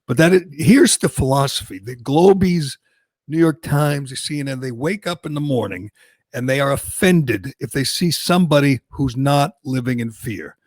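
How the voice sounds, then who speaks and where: A man's voice: medium pitch, lively intonation, moderate pace, dry recording. A male radio host delivering an emphatic, mocking rant on a talk show, with lots of restarts.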